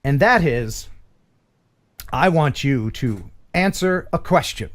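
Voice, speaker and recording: Jokey, animated man hosting a live stream. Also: on the high side, slow. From central United States. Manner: jokey, laughs often, ad-libs silly voices. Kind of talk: casual live-stream chat.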